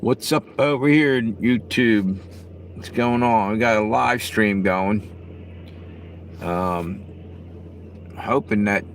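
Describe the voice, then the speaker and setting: A middle-aged man live-streaming, chatting casually with viewers in a blunt, profane, rambling way. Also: on the low side. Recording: faint background noise.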